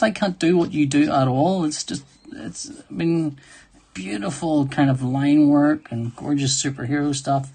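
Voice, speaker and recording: Husky-voiced man chatting while drawing. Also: fairly high pitch, fairly even intonation, unhurried, warm tone. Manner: rambling, self-deprecating, reads chat comments aloud. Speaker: livestream host drawing sketches. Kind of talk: casual chat while drawing.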